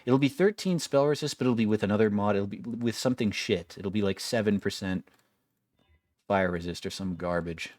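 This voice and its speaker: Young man, gameplay commentary, deep voice, wry and complaining, swears freely, dry close sound. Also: fairly quick, a little mellow, no room sound. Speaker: gaming video creator.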